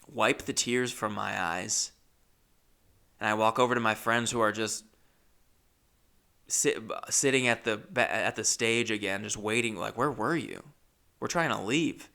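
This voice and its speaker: A comedian telling a funny personal story in an animated, self-deprecating way, calling his listeners "folks.". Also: fairly low pitch, creaky, clean tone.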